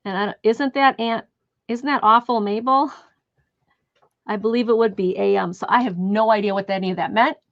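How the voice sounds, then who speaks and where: A woman's voice: medium pitch, fairly even intonation, normal speed, dry recording. A woman hosting a live online sale, chatting and thinking aloud as she describes a vintage postcard. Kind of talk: casual live sale chat. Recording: dull, dry lo-fi stream audio.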